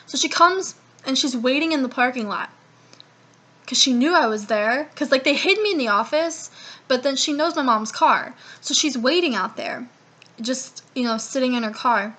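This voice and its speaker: Young woman vlogging a storytime, high bright voice, cussing a lot, rambly and animated. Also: normal speed. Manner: profane, rambling, animated retelling with quoted dialogue. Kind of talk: casual storytime vlog.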